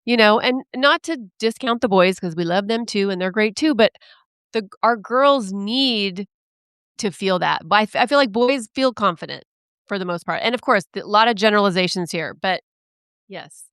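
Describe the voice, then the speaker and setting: A woman's voice: medium pitch, expressive, moderate pace, a bit bright, clear, resonant tone, no room sound, clean studio sound. A middle-aged woman co-hosting a podcast, chatting casually, frank and affirming, with casual swearing. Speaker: podcast co-host. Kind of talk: casual chat.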